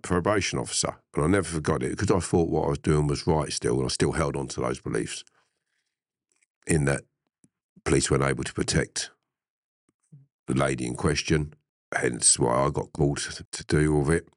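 A middle-aged man, telling a story in an interview, animated, often laughing and swearing. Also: rumbling low, normal speed, long pauses, dry recording, studio quality. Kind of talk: casual storytelling.

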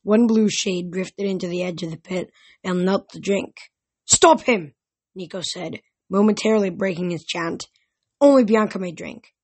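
A woman reading a novel aloud in steady audiobook narration. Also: lowish voice, breathy edge. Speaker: reader.

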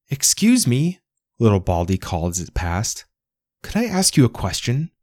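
A man narrating a storybook in an expressive, lively reading style. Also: sits low, no room sound, studio quality.

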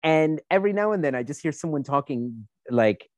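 A man's voice: on the high side, animated, fairly quick, a little mellow, no echo. A man co-hosting a podcast in casual chat, swearing a lot and ranting in a mocking tone. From United States. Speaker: podcast co-host.

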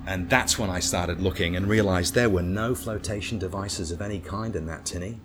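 A man telling a lively anecdote in casual talk, swearing freely and acting out what others said. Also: deep voice, brisk, noisy background. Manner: animated, swearing, acts out others' lines. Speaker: storyteller guest.

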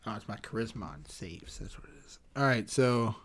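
A man's voice: fairly low pitch, lively intonation, moderate pace. A man playing in a tabletop game, casual and joking, swearing freely. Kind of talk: casual chat as a tabletop player.

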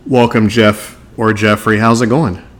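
A man's voice: on the low side, little pitch movement, a little slow, a bit bright. A man hosting a podcast, chatting casually and playfully, joking with his audience and his guest. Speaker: podcast host.

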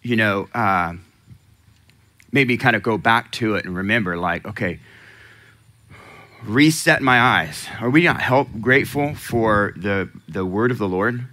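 A male pastor delivers a sermon in an easy, conversational way, often tossing questions to the congregation and laughing. His voice sits a little low but has a bright, forceful edge. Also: lively intonation, measured pace, pauses often.

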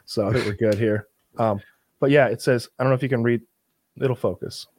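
A man's voice: mid-range voice, steady tone, brisk, darkish tone, dry recording, studio quality. A man telling a crude comedic story on a video call, rambling with lots of repeated filler words and swearing.

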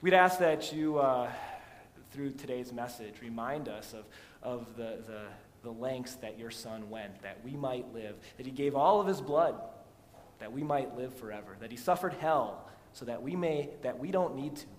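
Pastor preaching in an echoing hall. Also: male voice, moderate pace. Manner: swings from loud emphatic preaching to quiet storytelling. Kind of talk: sermon. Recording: long hall reverb with faint rumble.

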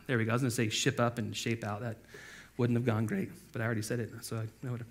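A fast-talking pastor with a medium-pitched voice preaches conversationally, peppering his sermon with asides. He acts out the voices of those he quotes, erupting into sudden loud outbursts.

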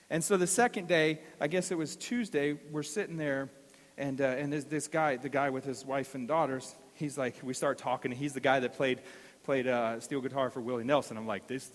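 A man's voice: on the high side, fairly bright tone, big-room sound. A man preaching a sermon, telling a personal story and driving points home with emphatic repetition. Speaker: pastor.

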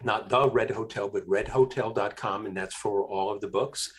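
A man, a guest author, chatting casually on a call in a relaxed, halting way with many fillers. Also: fairly low pitch. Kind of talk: casual video-call chat.

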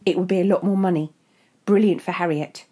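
A woman's voice: lowish voice, steady tone, a little fast, warm tone, natural voice. A woman voicing a condescending young husband and father, proud of himself, in a story reading. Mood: smug.

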